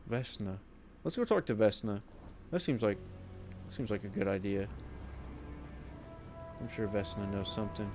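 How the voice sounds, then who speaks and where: A man's voice: lowish voice, lively intonation, moderate pace, long pauses, darkish tone, soft background music. A man giving casual, rambling commentary as he plays a video game, talking to himself. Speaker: gaming streamer.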